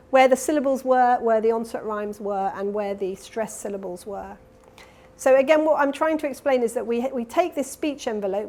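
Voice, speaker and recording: A woman lecturing at a conference in a slightly high voice. She explains carefully and patiently, catching and correcting herself mid-phrase. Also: darkish tone. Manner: explanatory, with self-corrections and fillers. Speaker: keynote lecturer. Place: conference hall.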